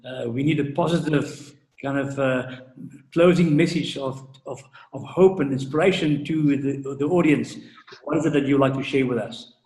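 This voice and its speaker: A man's voice: medium pitch, moderate pace, a little mellow. A man hosting a business interview show, upbeat and full of hesitant fillers. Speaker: show host, business coach. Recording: roomy echo.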